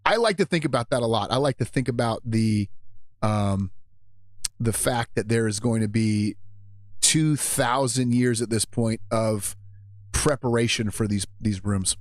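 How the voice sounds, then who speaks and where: A man's voice: mid-range voice, a little slow, dry recording. A man hosting a live radio show, rambling casually and jokily about faith and his marriage, often laughing at himself.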